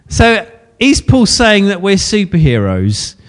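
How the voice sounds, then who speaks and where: A male preacher delivers a sermon in a relaxed, chatty way. He jokes at his own expense and laughs often. His voice sits a little high for a man.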